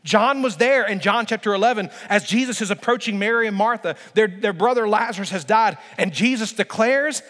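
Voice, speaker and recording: High-voiced man preaching in a reverberant hall. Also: fairly bright tone. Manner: emphatic preaching, slows down to stress key phrases. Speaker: pastor. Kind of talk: sermon.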